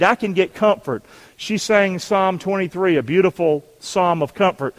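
Preacher, high voice, call-and-response sermon with shouted peaks, long church reverb. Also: male voice, lively intonation, normal speed. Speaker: pastor.

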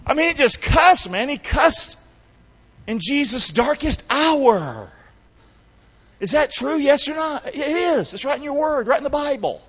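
A man preaching a sermon in a church, calling out to the congregation for answers and swinging from hushed tones to shouts. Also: very high voice, very animated, measured pace, slightly rough. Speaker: pastor. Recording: dull sound in a reverberant hall.

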